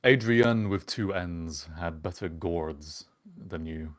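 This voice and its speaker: Deep-voiced, dry male co-host. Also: slow pace. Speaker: co-host and game master. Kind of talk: casual chat and improvised narration.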